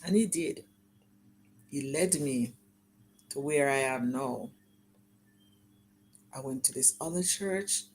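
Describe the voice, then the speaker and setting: A woman's voice: rumbling low, slow, long pauses, slight background noise. A middle-aged woman giving an earnest, emotional personal testimony in an interview. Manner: earnest, emotional storytelling, acting out remembered dialogue. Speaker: guest sharing her life story.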